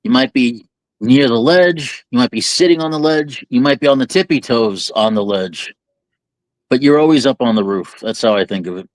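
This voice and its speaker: A man's voice: mid-range voice, normal speed, no room sound. A man co-hosting a candid podcast, talking reflectively and building extended metaphors. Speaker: podcast co-host. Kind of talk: candid conversational talk.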